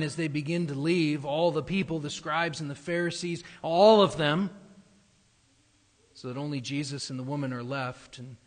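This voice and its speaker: A pastor preaching a sermon, explaining scripture in an earnest, steady way. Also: male voice, medium pitch. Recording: long reverb of a large hall.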